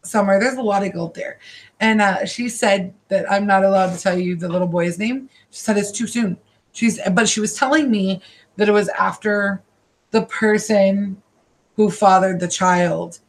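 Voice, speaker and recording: A woman in the middle of a live-streamed psychic reading, her voice sitting at an ordinary middle pitch. She speaks in halting, repetitive bursts that keep circling back with feeling. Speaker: psychic card reader. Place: her own room.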